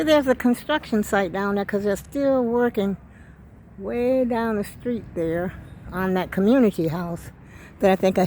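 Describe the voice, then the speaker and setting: A woman's voice: medium pitch, a little mellow, slight background noise. An older woman chatting casually to her viewers in a rambling home vlog, trailing off mid-sentence and calling them y'all, recorded on a handheld phone. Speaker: vlogger. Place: at home, indoors. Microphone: handheld phone camera.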